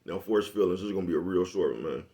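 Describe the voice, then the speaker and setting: This vlogger talks fast in a deep, warm voice, ranting casually in a monologue to the camera. His laid-back, profane street talk keeps circling back to "you know what I'm talking about."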